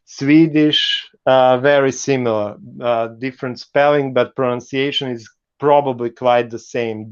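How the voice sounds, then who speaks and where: A man with a Serbian accent giving an online university lecture, halting and full of "uh" fillers. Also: medium pitch, fairly even intonation, clear, resonant tone, muffled recording.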